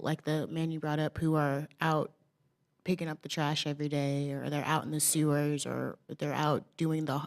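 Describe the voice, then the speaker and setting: A woman's voice: low-pitched, darkish tone. A woman city councilmember asking staff questions at a council meeting, thoughtful and hedging with frequent "like".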